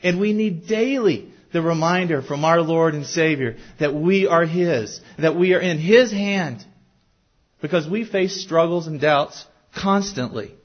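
A fairly high-voiced man preaching a sermon in a church sanctuary. He speaks earnestly and keeps putting questions to the congregation. The recording is dull and lo-fi. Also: measured pace. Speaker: pastor.

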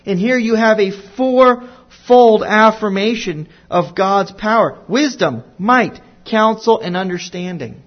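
A man teaching a Bible lesson to children, telling it slowly and deliberately with playful asides. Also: high voice, dull audio.

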